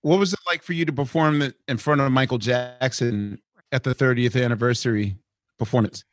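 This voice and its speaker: A man's voice: medium pitch, steady tone, a little fast, no echo. A man hosting an interview, asking curious, probing follow-up questions in a conversational way. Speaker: interview host.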